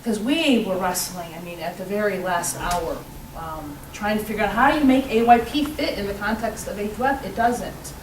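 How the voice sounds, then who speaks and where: A woman's voice: mid-range voice, moderate pace, hardly any pauses, slight background noise. Woman explaining policy, distant roomy mic. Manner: explanatory, animated, with restarts. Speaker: state education official. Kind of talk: roundtable panel discussion.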